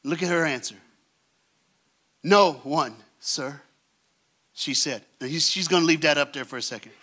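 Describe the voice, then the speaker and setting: Male guest preacher, high and bright, dramatic storyteller with crowd call-and-response. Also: quick pace. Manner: dramatic storytelling, swings from hushed to shouting. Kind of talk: sermon. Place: church stage.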